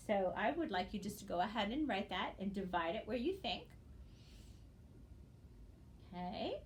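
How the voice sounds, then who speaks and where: A woman teaching a phonics lesson, sounding out syllables slowly and checking in with "okay?" after each step. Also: mid-range voice, a little hiss or hum. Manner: patient, checks in with frequent "okay?". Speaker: reading teacher.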